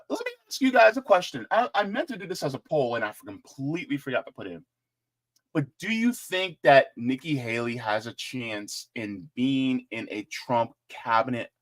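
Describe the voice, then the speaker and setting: A man hosting casual political commentary in an animated, joking way, with chatty asides. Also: mid-range voice.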